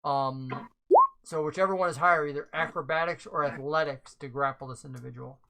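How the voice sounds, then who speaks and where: A game master narrating a tabletop roleplaying session. The voice is bright, and the pitch sits in the middle. They explain rules at length and think aloud as they go. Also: fairly quick, poor audio.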